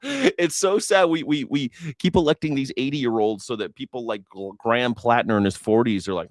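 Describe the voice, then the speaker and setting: A man's voice: mid-range voice, animated, moderate pace, no echo, clean studio sound. Sarcastic, profane American man. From United States. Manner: sarcastic, mocking, swears freely. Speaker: news reaction show host. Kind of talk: profane livestream commentary.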